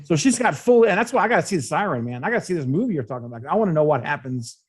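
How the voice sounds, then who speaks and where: A man appearing as a podcast guest in a casual film discussion, telling stories in an animated, drawn-out way. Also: on the high side, breathy edge.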